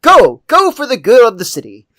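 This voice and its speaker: A man's voice: very high voice, huge pitch swings, normal speed, fairly bright tone, slight background noise, voice pushed up, exaggerated voice. A man voicing a pompous, sarcastic male comic shop clerk from a cartoon, quoted on a podcast. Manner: sarcastic, condescending. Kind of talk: quoting a cartoon character on a podcast.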